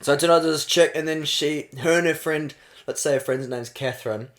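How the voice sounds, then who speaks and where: A young man from New Zealand with a New Zealand accent, co-hosting a podcast and telling a story in casual chat, getting animated and laughing as it goes. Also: on the high side, brisk. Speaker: podcast co-host.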